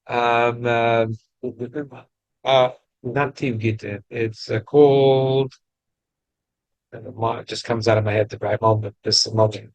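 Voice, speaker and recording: A man's voice: medium pitch, no echo. A man giving a Torah class to a study group, explaining with frequent restarts and Hebrew and Yiddish terms. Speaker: rabbi teaching a study group.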